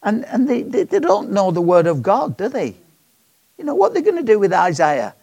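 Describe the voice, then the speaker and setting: Husky preacher, lively and chatty. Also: male voice, sits high, moderate pace, no echo. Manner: chatty, joking, asks the congregation questions. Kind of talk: sermon.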